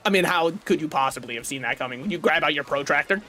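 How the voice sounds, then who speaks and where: High-voiced excitable male streamer. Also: quick pace. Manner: excitable, profane banter with chat. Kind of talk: live gameplay commentary. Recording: faint game music behind.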